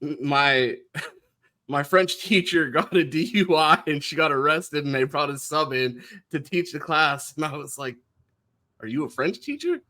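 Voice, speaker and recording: Bright-voiced man telling animated stories. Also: a little high, measured pace. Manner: animated storytelling, laughs often. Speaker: co-host. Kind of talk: casual sports podcast chat.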